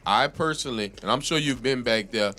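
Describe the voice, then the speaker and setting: A man's voice: medium pitch, brisk, bright, forceful tone, soft background music. A man co-hosting a radio talk show, praising his guest in an earnest way. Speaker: radio co-host. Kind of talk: casual radio chat. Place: radio studio.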